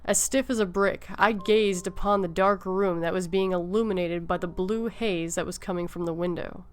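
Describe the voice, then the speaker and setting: A woman's voice: fairly low pitch, fairly even intonation, normal speed. Woman narrating a creepy story. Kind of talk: scripted horror narration. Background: soft background music.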